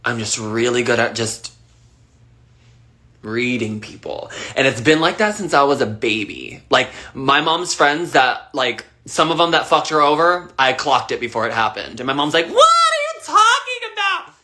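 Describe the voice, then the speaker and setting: Bright-voiced man chatting on a livestream. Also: mid-range voice, moderate pace. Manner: loose, rambling, swears freely. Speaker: livestream host answering fan questions. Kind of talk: casual livestream chat.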